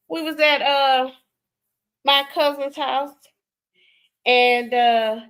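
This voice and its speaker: Animated Southern woman streamer. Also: high voice, very slow, long pauses. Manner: animated, drawling, swings between loud outbursts and hushed asides. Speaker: livestream host. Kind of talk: casual storytelling livestream.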